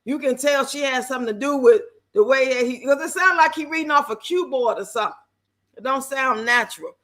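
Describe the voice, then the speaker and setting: Bright-voiced woman streamer, blunt and salty. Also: high-pitched, a little fast. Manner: blunt, salty, laughing commentary with slang. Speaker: livestreamer reacting to videos and reading chat. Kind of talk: casual live stream chat.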